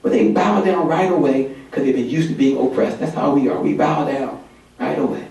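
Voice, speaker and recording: A man's voice: mid-range voice, normal speed, vocal fry, far from the mic. Folksy male organizer in an echoey hall. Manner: animated storytelling, folksy and emphatic. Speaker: community organizer giving a conference talk. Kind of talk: conference speech. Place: conference hall.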